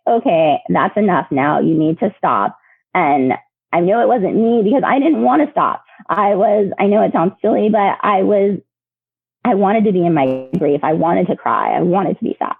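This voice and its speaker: A woman guest sharing personal stories in a lively, chatty way, with many fillers and laughs, heard over a remote call. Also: medium pitch, vocal fry, slightly rough, no room sound. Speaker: podcast guest. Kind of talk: emotional storytelling. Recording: tinny phone line.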